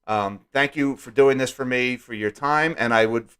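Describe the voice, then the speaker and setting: A man's voice: medium pitch, moderate pace, fairly bright tone, clean tone. A man hosting a live stream, talking casually with wry jokes and asides. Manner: wry and joking, lots of asides.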